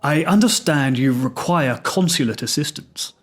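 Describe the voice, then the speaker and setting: A man's voice: fairly high pitch, animated, moderate pace. A man putting on a plummy English embassy official. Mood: formal, polite. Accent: upper-class English. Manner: clipped, formal, politely cheerful. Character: terribly posh British male embassy official.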